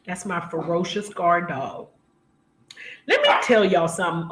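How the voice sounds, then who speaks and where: A woman's voice: on the low side, lively intonation, a little slow, long pauses, background noise. A woman hosting a casual live stream from home, chatting with viewers, laughing often and greeting them by name. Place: home room, lights turned down. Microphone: camera mic. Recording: echoey room.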